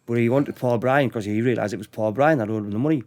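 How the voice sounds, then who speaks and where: A middle-aged man with a Middlesbrough accent recounts old stories as a podcast guest. His voice sits in a middle register, and his telling is lively and anecdotal, full of laughter. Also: medium pitch, fast. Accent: Middlesbrough English. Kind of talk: storytelling in a podcast interview.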